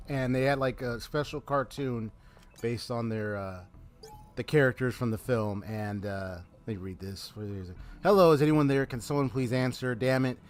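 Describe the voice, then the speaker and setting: A man streaming a video game live, chatting casually and telling a story with frequent laughs. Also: medium pitch. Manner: chatty storytelling, laughs often, reads game dialogue aloud. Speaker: gaming streamer. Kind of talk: casual live gameplay chat.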